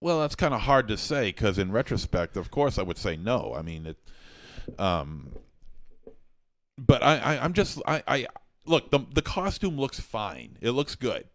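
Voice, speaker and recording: Lively, stammering male podcast co-host. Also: mid-range voice, a little slow, no echo. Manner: stammers and restarts, laughs easily. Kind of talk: casual chat.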